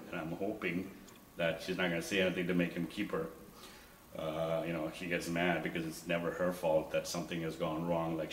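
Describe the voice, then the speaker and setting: A man doing stand-up, rambling through stories with lots of fillers and quick impressions of others. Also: sits low, echoey room, far from the mic, slight background noise, low-quality recording. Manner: rambling with many fillers, mimics wife and officer. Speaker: stand-up comedian. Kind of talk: stand-up storytelling.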